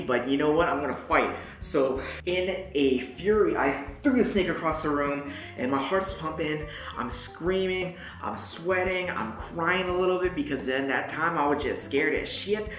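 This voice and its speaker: A young adult woman vlogger telling a story in an animated, casual way, swearing and talking straight to the viewer. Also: low-pitched. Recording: echoey room.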